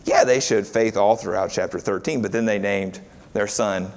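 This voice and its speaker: A man's voice: fairly low pitch, steady tone, moderate pace. A man preaching a sermon in a conversational way, often asking his listeners rhetorical questions. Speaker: pastor.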